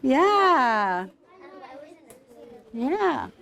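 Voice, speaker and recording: Animated woman teaching a class. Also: high voice, drawn-out words, creaky, some chatter behind. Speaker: literacy program founder teaching students. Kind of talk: classroom instruction with a read-aloud.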